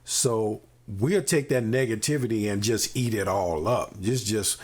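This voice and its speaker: Slow-talking husky male podcast host. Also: fairly low pitch. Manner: earnest, emphatic, folksy asides. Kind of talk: conversational interview.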